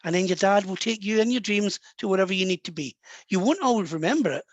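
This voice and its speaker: A Scottish man, a medium and author, telling a personal story softly and warmly in an interview. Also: sits high, expressive, fast talker, no echo. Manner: soft, warm and anecdotal, drops to a hush at moving moments.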